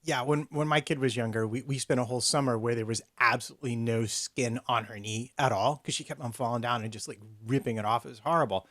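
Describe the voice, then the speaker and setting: A man chatting from home on a video call, relaxed as he tells an anecdote. He puts a lively voice on the lines he quotes. His pitch sits in an ordinary middle range. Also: quick pace, hardly any pauses. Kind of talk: casual chat. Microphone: home mic on a video call.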